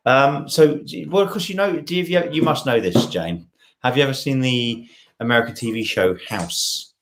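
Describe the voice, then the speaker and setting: A man's voice: medium pitch, animated, normal speed, reverberant, noisy background. An English man with an English accent hosting a casual livestream Q&A, chatty and joking with lots of asides. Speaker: vlog host answering viewer questions.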